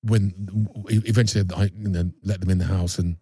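Deep husky man, halting storytelling. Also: fairly even intonation, dark tone, dry recording. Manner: halting, repeats words and restarts often. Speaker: actor guest. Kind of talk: candid personal storytelling.

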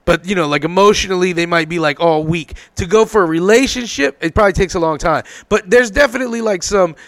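A man's voice: high-pitched, fast, a bit bright, dry recording. A man co-hosting a podcast, trading crude jokes in casual banter. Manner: joking, crude quips. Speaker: podcast co-host.

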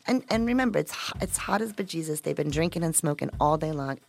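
A woman narrating a true-crime story in a measured, conversational way. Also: low-pitched, expressive, vocal fry, darkish tone, slight background noise. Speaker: podcast narrator.

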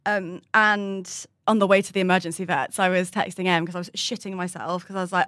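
A woman's voice: on the low side, fairly even intonation, fairly quick, few pauses, fairly bright tone, dry recording, clean studio sound. Rambling woman podcast co-host. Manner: rambling, self-deprecating. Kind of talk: casual storytelling chat.

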